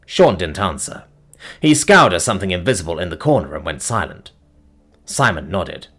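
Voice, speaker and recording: Expressive male story narrator. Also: deep voice, moderate pace, breathy edge. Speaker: audiobook narrator. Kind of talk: scripted fiction narration.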